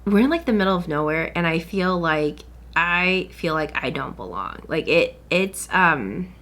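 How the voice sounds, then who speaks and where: Bright-voiced woman telling a story. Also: on the low side, normal speed. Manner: animated retelling, acting out other people's lines. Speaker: podcast host. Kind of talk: casual storytelling chat.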